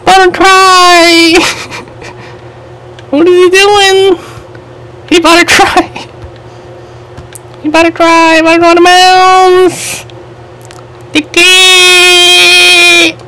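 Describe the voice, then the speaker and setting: A woman commenting on a basketball video game as she plays, shouting, laughing and trash-talking. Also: very high-pitched, level tone, takes it slowly, pauses often, noisy background. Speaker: gamer. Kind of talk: excited gameplay commentary.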